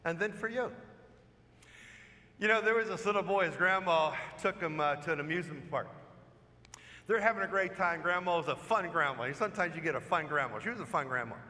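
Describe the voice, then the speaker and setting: High bright-voiced priest preaching in church. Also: male voice, fairly quick. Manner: storytelling, conversational preaching with rhetorical questions. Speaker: parish priest. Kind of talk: sermon. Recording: long church reverb.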